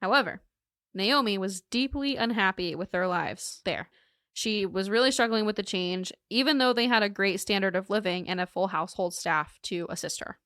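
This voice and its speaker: A woman's voice: medium pitch, normal speed, fairly bright tone, dry recording, studio quality. A woman co-hosting a podcast, telling a true crime case in a casual, joking way and laughing often.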